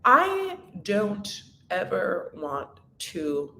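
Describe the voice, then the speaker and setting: A woman's voice: mid-range voice, wildly swooping pitch, extremely slow, bright, forceful tone, reverberant, a little hiss or hum. A woman hosting a reality TV recap livestream, talking casually in a rambling, chatty way full of fillers and restarts. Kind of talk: casual chat.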